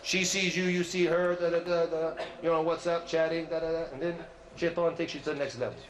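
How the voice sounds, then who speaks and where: A man speaks loudly into a close microphone, delivering an animated lecture to a big hall. His voice sits a little higher than most men's, and he keeps throwing questions at the audience and teasing them for staying quiet. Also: a little fast, slight background noise. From USA. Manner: animated, asks the crowd questions and teases them; loud voice, by his own account. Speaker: visiting sheikh giving a lecture. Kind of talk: lively lecture sermon to a youth audience. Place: large multi-floor community centre hall.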